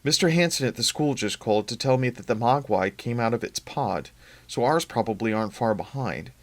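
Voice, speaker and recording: A man reading aloud, voicing a nervous young man who speaks in quick, raised, stammering lines. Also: mid-range voice, expressive, close to an everyday voice. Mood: anxious.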